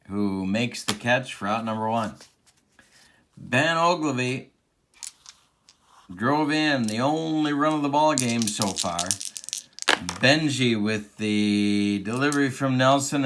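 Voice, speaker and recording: A man's voice: medium pitch, a bit bright, a little hiss or hum. A man doing play-by-play commentary of a tabletop baseball game replay, with an announcer cadence and open rooting for his team. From Central Illinois.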